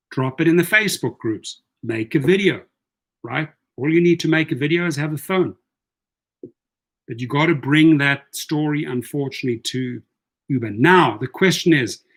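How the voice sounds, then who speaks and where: A man giving casual livestream advice as a rideshare coach, reading viewer comments aloud and answering them in a chatty way, often repeating words as he goes. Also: a little high.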